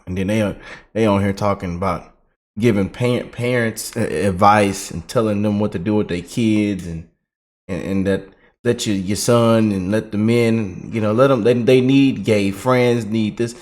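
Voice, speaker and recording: A man's voice: on the low side, steady tone, moderate pace, a little mellow. A man ranting in a casual, repetitive and colloquial way as a political commentary vlogger.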